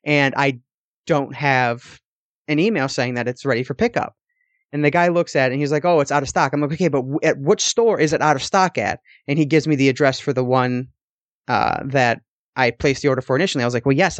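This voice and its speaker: A young man with a slightly high voice rants through a profane story on a podcast. He is exasperated, quick to swear and carried along by his own telling. The sound is dry and close, with almost no room. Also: no room sound. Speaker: podcast co-host. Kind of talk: casual chat.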